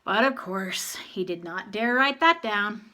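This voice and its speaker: A woman reading a children's novel aloud with an expressive, animated manner. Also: mid-range voice, slow. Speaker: audiobook narrator.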